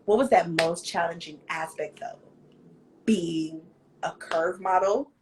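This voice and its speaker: A woman hosting a casual interview, gushing and bubbly, quick to laugh. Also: fairly low pitch, noisy background. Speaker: interview host.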